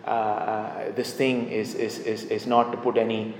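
A man's voice: lowish voice, flat delivery, unhurried, a little hiss or hum. Emphatic preacher man in echoey hall. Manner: emphatic, repeats key phrases for stress. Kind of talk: sermon.

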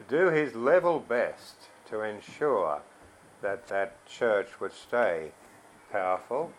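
A man preaching a sermon, pausing and repeating words, reading scripture louder than he speaks. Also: a little hiss or hum, rough recording. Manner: slow and halting, repeats words, reads scripture louder and higher.

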